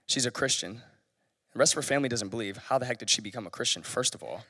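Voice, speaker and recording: A man's voice: medium pitch, fast, sharp tone, breathy edge. Man telling a story in an echoey room. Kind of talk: casual church podcast chat.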